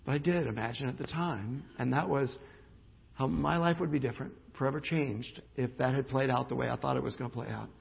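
A man's voice: mid-range voice, a little fast, gravelly, slightly rough. A male pastor preaching a sermon, telling a story in a conversational way with emphatic restarts. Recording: dull lo-fi sermon recording.

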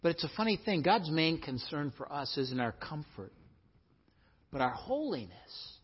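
A male pastor preaching a sermon, animated and emphatic, often asking questions of his listeners. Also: a little high, a little slow, breathy edge. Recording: echoey hall, dull lo-fi sound.

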